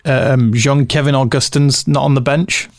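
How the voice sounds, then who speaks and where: A man co-hosting a casual football podcast, reading out stats and lists in a steady, measured way. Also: medium pitch, no echo, clean studio sound. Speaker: podcast co-host.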